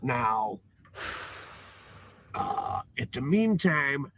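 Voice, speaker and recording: A man doing commentary in a played video, talking slowly in a meandering, halting way. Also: medium pitch, big pitch swings, fairly bright tone.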